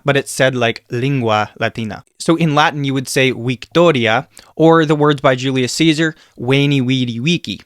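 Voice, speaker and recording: A man giving a scripted Latin pronunciation lesson, saying example sounds slowly and carefully. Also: mid-range voice, fairly bright tone, no echo, studio quality. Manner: slow, careful demonstration of sounds. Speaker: Latin teacher.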